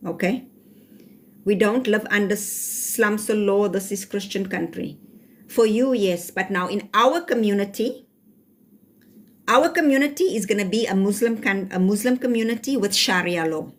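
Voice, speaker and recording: A woman's voice: medium pitch, normal speed. A woman with a South African accent hosting a live stream, reading comments aloud and firmly scolding viewers, slipping into Afrikaans phrases. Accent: South African (Cape Town). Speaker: livestream host.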